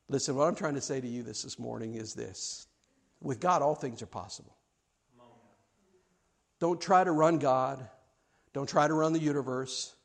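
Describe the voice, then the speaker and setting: A man preaching a sermon, telling a story with rising excitement and then praying in a hushed, slow voice to a church that is also live streamed. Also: on the high side. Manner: animated storyteller, rising loud in the tale, hushed and slow in prayer. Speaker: pastor.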